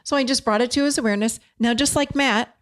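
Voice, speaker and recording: A woman's voice: on the high side, fast talker. A woman hosting an advice podcast, talking in an earnest, direct coaching way and mixing in personal stories. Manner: chatty, frequent "you know". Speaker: podcast host and codependency coach.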